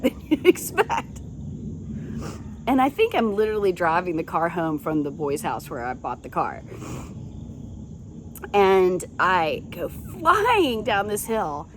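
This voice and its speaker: Lively, laughing woman storyteller. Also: mid-range voice, a little hiss or hum. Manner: laughs often while telling stories; chatty, folksy address to listeners. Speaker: podcast host. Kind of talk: casual storytelling monologue.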